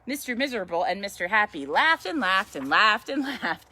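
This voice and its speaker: A woman reading a children's picture book aloud at storytime, chatty and playful. Her voice is high and bright, with a very lively pitch that swoops up on exclamations. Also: a little fast, hardly any pauses, no echo. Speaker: yoga teacher reading to a child.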